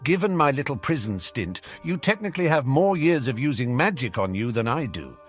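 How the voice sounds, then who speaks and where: A man's voice: mid-range voice, very animated, a little fast, soft background music, pitched above the performer's own voice, natural voice. Man reading as an indignant grown godfather. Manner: indignant, huffy. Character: indignant adult male fugitive godfather, moody. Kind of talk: audiobook character reading.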